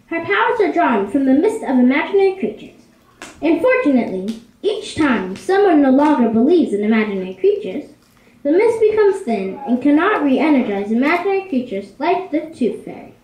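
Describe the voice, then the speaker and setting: Lively, high-voiced woman narrator. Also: normal speed. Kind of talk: storybook narration. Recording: echoey room.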